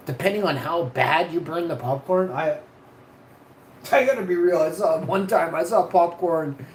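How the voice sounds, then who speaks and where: A man casually telling stories on a live stream, rambling and swearing, and getting loud when he is excited. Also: on the high side. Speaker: vlogger. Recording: echoey room, faint ambient noise.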